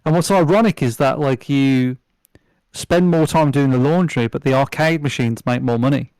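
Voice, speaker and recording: A man talks in a loose, rambling way, full of fillers and restarts, and he swears freely. His pitch sits in the middle range. The sound is dry and close, with no room echo. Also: moderate pace, a little mellow, smooth. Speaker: podcast guest. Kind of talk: casual chat.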